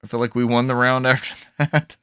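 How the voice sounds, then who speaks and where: A man co-hosting a live gaming podcast, telling stories in a casual, animated way and acting out quotes. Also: mid-range voice, fairly quick, clean tone, no echo, studio quality. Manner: animated storyteller, acts out quotes. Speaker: podcast co-host. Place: home setup on live stream.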